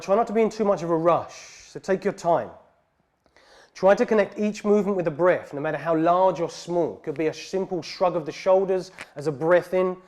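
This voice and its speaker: A man teaching a guided yoga class, calmly cueing breaths and poses. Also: on the high side. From England. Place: heated yoga studio.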